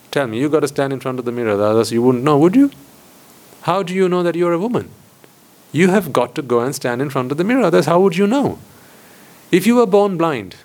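A man's voice: on the high side, darkish tone. A man, a Buddhist monk, giving a dharma talk to a lay audience, often asking rhetorical questions and repeating phrases for emphasis. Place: hall with board.

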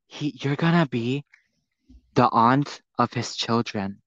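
A man's voice: medium pitch, takes it slowly, dry recording. Profane ranting man, lo-fi sound. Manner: profane, ranting, rising to shouted anger. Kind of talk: casual heated commentary.

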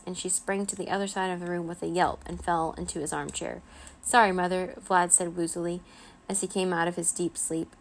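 Gravelly low woman reading a storybook. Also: a little hiss or hum. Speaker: narrator.

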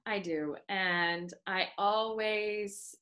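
A woman's voice: medium pitch, fairly even intonation, extremely slow, a bit bright. A woman working as an accent coach, explaining her views firmly in a podcast conversation. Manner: firm, opinionated explanations.

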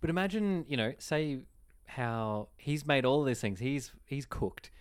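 A man's voice: mid-range voice, lively intonation, measured pace, smooth. A young man, co-hosting a casual chat in a teasing, wry way. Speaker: podcast co-host.

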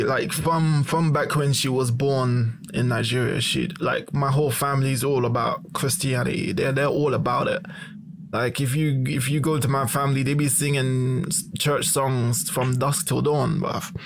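A young man telling a story in casual chat, animated and swearing freely. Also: mid-range voice, a little hiss or hum. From London.

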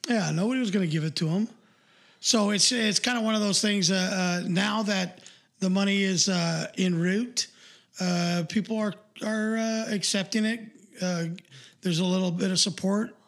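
A man's voice: high voice, fairly even intonation, normal speed, a bit bright. A man co-hosting a podcast in casual live-stream chat, rambling bluntly with lots of fillers and swearing. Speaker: podcast co-host.

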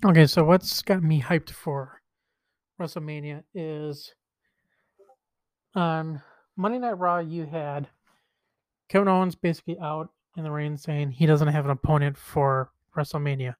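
Podcast dude rambling about wrestling, kinda high voice, super dry close mic. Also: male voice, steady tone, measured pace, clear, resonant tone, dry recording. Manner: rambling, restarts and retells quotes. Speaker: podcast host. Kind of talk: casual wrestling chat.

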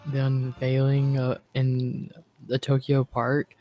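A man with a mellow, dark voice rambles through crude anecdotes in casual chat. He hesitates with fillers as he goes. Faint music plays underneath. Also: medium pitch, completely flat delivery, slow pace. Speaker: podcast co-host.

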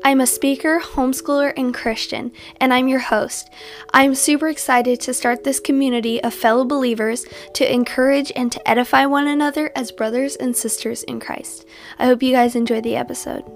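A woman's voice: sits high, fairly even intonation, normal speed, faint music behind. A young woman hosting a casual podcast, chatty and a little self-conscious, with lots of fillers. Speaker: podcast host.

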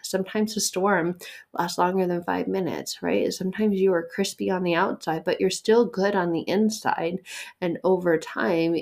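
A woman's voice: fairly low pitch, creaky, a little mellow. A woman hosting a faith podcast, giving an earnest, conversational devotional talk with light laughs and repeated phrases for emphasis.

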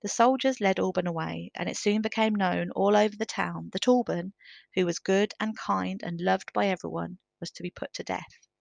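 A woman narrating a storybook in a measured, careful reading. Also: medium pitch, fairly even intonation, creaky, no echo.

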